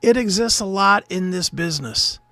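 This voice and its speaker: A man's voice: high-pitched, expressive, normal speed, bright, forceful tone, dry recording. A man in his fifties co-hosting a podcast, ranting sarcastically and swearing freely. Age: 50s. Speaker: podcast co-host. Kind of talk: casual profane podcast banter.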